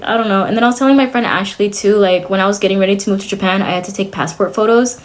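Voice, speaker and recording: A woman's voice: medium pitch, quick pace, hardly any pauses. A young adult woman streamer chatting casually to her viewers, blunt and sarcastic, swearing freely.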